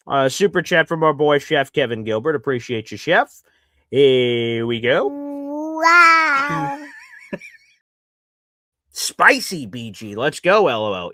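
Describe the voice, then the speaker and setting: A man's voice: mid-range voice, a bit bright, dry recording, clean studio sound. A man hosting a live sports reaction show, ranting and sarcastic toward his audience. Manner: ranting and sarcastic, mocking fans in put-on voices.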